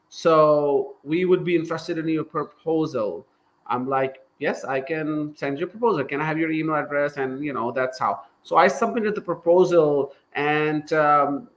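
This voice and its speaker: A man in his thirties with a Pakistani accent, a company founder telling his story in a casual interview, animated and acting out what people said. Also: on the high side, rough recording. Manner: animated, acts out quoted dialogue, laughs while telling.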